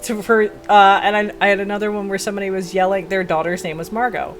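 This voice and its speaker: A woman's voice: mid-range voice, little pitch movement, quick pace, faint music behind. A woman hosting a casual stream, sharing friendly, funny anecdotes with laughter. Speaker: streamer host. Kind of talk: casual chat. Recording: faint background noise.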